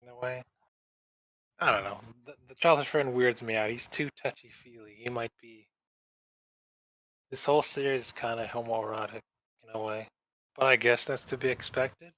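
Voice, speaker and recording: A man in a casual podcast chat, talking in a loose, rambling way full of slang and mid-sentence restarts. His voice is mid-pitched and recorded close and dry, with no room sound. He breaks into exaggerated impressions of characters now and then. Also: steady tone, moderate pace, pauses often, pushed and bright, dry recording, poor audio. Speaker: podcast co-host.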